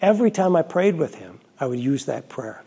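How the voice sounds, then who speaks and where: Gravelly, husky priest telling a story. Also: male voice, a little high, very animated, brisk. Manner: earnest, reflective storytelling with quiet asides. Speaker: Catholic priest. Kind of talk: storytelling homily.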